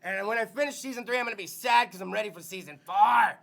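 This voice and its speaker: A man hosting a podcast with loose comedic chat, profane and rowdy, often bursting into shouts. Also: high voice, fast, vocal fry. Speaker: podcast host.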